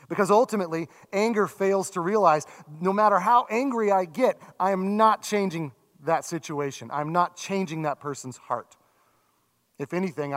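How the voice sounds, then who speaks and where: Male pastor, 30s-40s, conversational sermon with a fairly high voice, recorded in a reverberant church hall. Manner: conversational, self-deprecating, animated asides. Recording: long reverb from a large hall.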